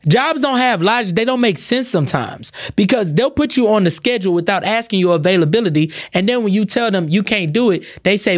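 Brief: young male podcast host, highish voice, animated profane rant. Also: a little fast, few pauses. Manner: profane, heated, animated ranting. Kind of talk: ranting comedic monologue.

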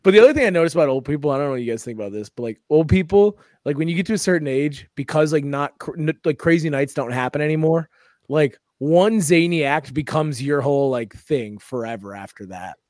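A man co-hosting a comedy podcast, telling stories in a casual, animated way and acting out the voices of people he quotes. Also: fairly high pitch, fast, dry recording, clean studio sound. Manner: animated storytelling, acts out quotes. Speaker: podcast co-host.

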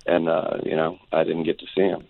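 A man's voice: low-pitched, flat delivery, brisk, creaky, no room sound. A man telling a long rambling anecdote as a guest, acting out the quotes as he goes. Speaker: guest musician. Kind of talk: phone-in storytelling. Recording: tinny phone line.

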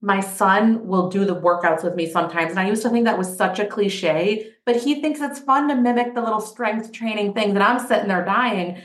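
A woman's voice: medium pitch, moderate pace, few pauses. Woman podcast host telling stories, casual chat, echoey room. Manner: chatty, animated storytelling. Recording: roomy echo.

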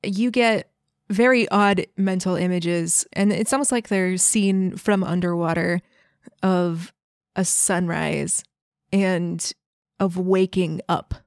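A woman's voice: fairly low pitch, fairly even intonation, slow, dry recording. A woman running a tabletop role-playing game as game master, narrating scenes and rulings and laughing often.

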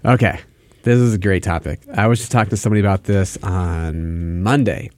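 A man's voice: low-pitched, a little fast, no room sound. A man co-hosting a casual faith podcast, explaining ideas with vivid word pictures. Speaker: podcast co-host giving advice.

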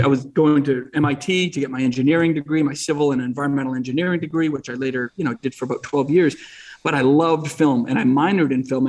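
A middle-aged man from New England, chatting loosely as an interview guest, circling back and restarting his thoughts. His voice sits a little high for a man and is heard from a distance from the microphone. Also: darkish tone. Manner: rambling, frequent restarts and fillers. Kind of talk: casual interview chat.

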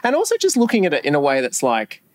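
A man talks in an animated, emphatic way, and his pitch jumps around a lot. He states strong opinions in a casual chat. The sound is close and dry, with no room echo. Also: quick pace. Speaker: podcast co-host.

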